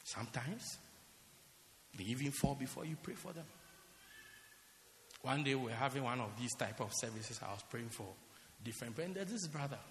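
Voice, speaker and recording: A man's voice: mid-range voice, expressive, normal speed, long pauses, a little hiss or hum. A man preaching a sermon as pastor, emphatic and repeating his phrases for effect. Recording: echoey hall with long reverb.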